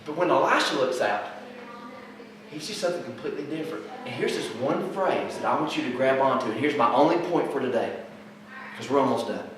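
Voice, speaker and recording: A man's voice: medium pitch, lively intonation, fairly quick, a bit bright, faint music behind. A man preaching a sermon, emphatic and fond of repeating rhetorical questions. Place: church sanctuary. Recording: very echoey hall, mic far off.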